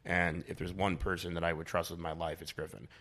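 A man's voice: deep voice, little pitch movement, fairly quick, a bit bright. A young man chatting casually as a podcast guest, rambling and blunt, with lots of filler words and swearing. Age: young adult.

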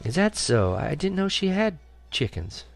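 A man voicing a fussy, worried suburban mother in a high, fluttery, polite voice. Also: sing-song, a little slow, gravelly, heavily acted. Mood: fretting.

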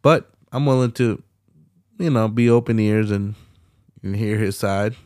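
A man's voice: fairly low pitch, measured pace, darkish tone, no echo, clean studio sound. A young man hosting a solo podcast late at night, ranting bluntly with heavy profanity and slang. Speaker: podcast host.

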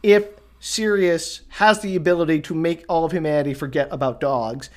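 Podcast co-host, animated, musing, lots of fillers, mid pitch. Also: normal speed. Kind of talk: casual book discussion.

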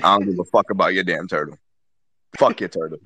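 A loud man with a sharp, bright tone who yells and swears through sports banter. He interrupts and mocks the others in a rowdy, casual back-and-forth. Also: deep voice, quick pace. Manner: loud, profane, yells often. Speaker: podcast co-host.

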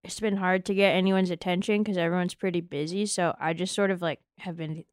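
A woman's voice: lowish voice, steady tone, no room sound, clean studio sound, lightly acted. A woman playing a sassy, picky teen girl. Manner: blunt, mocking, drawn-out disgust. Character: sassy, picky teenage girl who acts tough.

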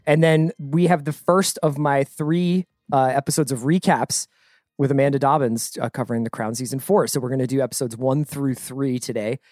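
A man's voice: medium pitch, steady tone, darkish tone, dry recording, clean studio sound. A man hosting a podcast, introducing the show and chatting in an upbeat, jokey way. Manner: upbeat, jokey, quick to riff. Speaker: podcast host. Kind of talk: casual podcast chat.

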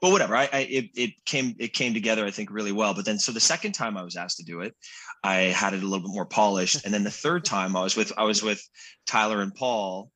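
Fast, pushed and bright, with fairly low pitch, this middle-aged man's voice carries a casual interview where he's the guest actor. His talk rambles and he restarts sentences frequently.

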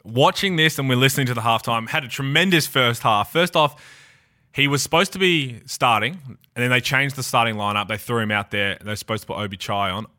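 A man's voice: medium pitch, a little fast, sharp tone. A man co-hosting a basketball podcast, talking in an emphatic, opinionated way. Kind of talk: casual sports chat.

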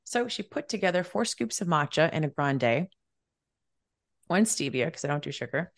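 Animated lower-voiced woman telling a story. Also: normal speed, dry recording, studio quality. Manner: animated, acts out quoted exchanges. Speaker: podcast guest, wealth mentor. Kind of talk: casual storytelling.

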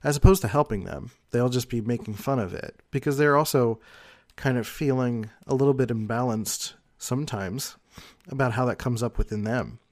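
A man explaining personality types in a casual, rambling monologue, peppered with "like" and soft laughs. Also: medium pitch, moderate pace, no room sound. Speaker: personality type commentator.

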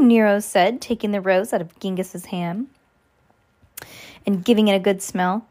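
A woman reads a children's story aloud, narrating in an even, ordinary voice. She handles every part herself and slips into high giggles for the characters. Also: a little slow, long pauses. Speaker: reader. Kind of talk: audiobook reading.

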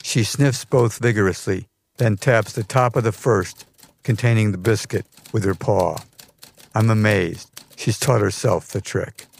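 A man's voice: on the low side, unhurried, creaky. A man narrating a scripted personal memoir in a dry, wry storytelling manner. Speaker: podcast narrator.

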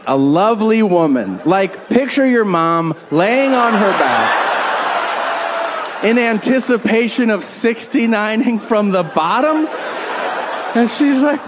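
A man doing a stand-up comedy set, telling a crude, exaggerated story and acting out the people in it. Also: sits high. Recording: live audience noise. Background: crowd laughter and ambience.

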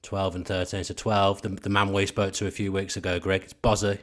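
Low-voiced podcast host. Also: male voice, level tone, fairly quick. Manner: leads the talk, prompting the guest. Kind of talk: casual podcast chat.

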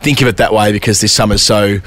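A man co-hosting a cricket podcast, chatting in a brisk, wry and easily amused way. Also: lowish voice, steady tone, a bit bright. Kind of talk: casual chat.

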